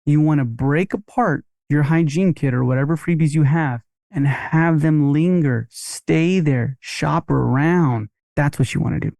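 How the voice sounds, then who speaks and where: A man's voice: a little high, vocal fry, a little mellow, no echo, clean studio sound. A man teaching dental marketing on a podcast, in a punchy, upbeat coaching manner.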